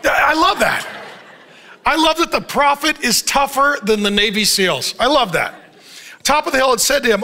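A man pastor preaching a sermon as an animated, joking storyteller who chuckles often. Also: very high-pitched, moderate pace.

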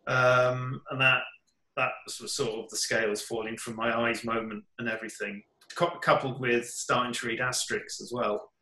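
A man in his fifties from England talks casually as an interview guest. He rambles with many ums and restarts, and his bright, forceful voice rings in a roomy echo. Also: mid-range voice, level tone, normal speed. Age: 50s. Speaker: comic artist guest. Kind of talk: casual chat.

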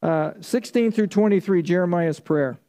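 Man, Bible study teacher, slightly high, mellow voice, conversational, quizzes the class. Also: normal speed. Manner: conversational teaching, asks the class questions and answers them. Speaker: pastor. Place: church.

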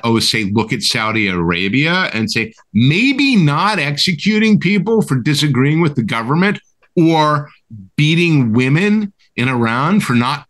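A man's voice: mid-range voice, fairly bright tone. A man co-hosting a podcast, ranting with heated, emphatic and profane talk, often asking "right?". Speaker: co-host. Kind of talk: impassioned podcast rant.

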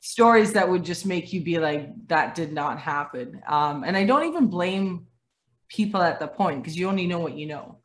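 A woman in her forties from Dominica who grew up in Canada, talking as a guest on a video call and acting out the voices in her stories. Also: fairly low pitch. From Dominica, raised in Canada. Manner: animated storyteller, acts out quoted voices, laughs often. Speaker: guest speaker, former athlete.

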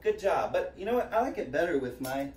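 A man leading a preschool music class online, cheerful and encouraging, talking slowly and sing-song to young children. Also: fairly high pitch, sing-song, echoey room, recorded from a distance, noisy background. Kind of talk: virtual kids' music class. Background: guitar and tambourine.

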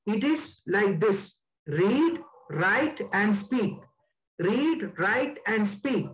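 A man giving a slide presentation as a guest speaker, deliberate and stressing key words. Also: sits high, expressive, fairly bright tone, low-quality recording.

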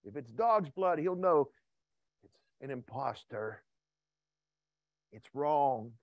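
A man preaching a Wednesday night sermon who acts out voices and shouts for effect. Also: medium pitch, animated, slow, no echo, lo-fi sound. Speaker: pastor.

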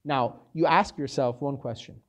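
A man's voice: mid-range voice, normal speed. A man, a rabbi, giving a conversational Torah lecture, telling stories animatedly and using Hebrew terms.

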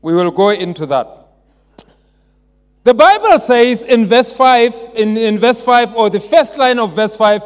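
A man preaching a sermon as pastor, asking the congregation call-and-response questions and rising to emphatic shouts. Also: very high voice, lively intonation, measured pace. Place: large church. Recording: long church reverb.

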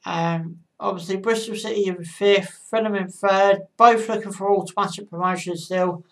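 A woman casually giving football match predictions, with a halting delivery and frequent pauses. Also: medium pitch, fairly even intonation. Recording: voice a bit far from the mic.

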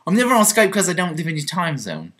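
A young man delivers a tongue-in-cheek confession to his webcam audience. His voice sits a little high and rings bright and forward. He rambles in a mock-earnest way and keeps restarting his sentences. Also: huge pitch swings, quick pace, slightly rough. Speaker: vlogger on a group channel. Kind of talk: comic mock-confession vlog.

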